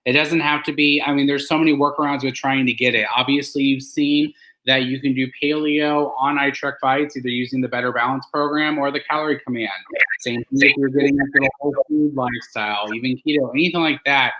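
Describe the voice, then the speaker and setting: Male livestream host, encouraging, bright forceful tone. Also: medium pitch, fairly even intonation, fairly quick, poor audio. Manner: upbeat, encouraging. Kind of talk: live stream interview.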